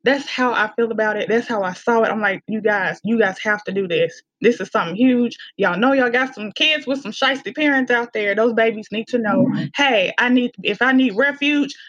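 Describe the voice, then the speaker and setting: Animated woman. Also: a little high, brisk, few pauses, no echo. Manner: animated storyteller, laughs often. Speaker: guest. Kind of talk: casual podcast chat. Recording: dull lo-fi sound.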